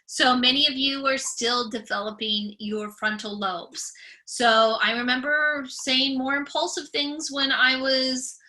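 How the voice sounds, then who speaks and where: A woman's voice: sits high, fairly even intonation, a little slow, sharp tone. A young adult woman giving a recorded classroom lecture, speaking with a stutter and repeating the starts of words. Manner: stutters with part-word repetitions.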